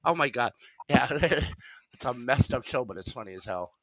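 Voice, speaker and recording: A man's voice: medium pitch, lively intonation, normal speed, fairly bright tone, no room sound, poor audio. A man hosting a casual stream chat, rambling with lots of fillers and restarts. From Wisconsin. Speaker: stream host.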